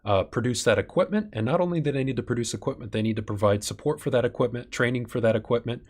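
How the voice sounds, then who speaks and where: A man's voice: mid-range voice, quick pace, a little mellow. A man hosting a live stream Q&A, reading viewer questions and thinking aloud with some fillers. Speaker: channel host.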